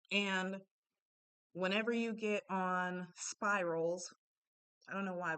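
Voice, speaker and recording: A woman's voice: fairly low pitch, clear, resonant tone. A young adult woman giving a casual, chatty self-help talk, candid and full of asides.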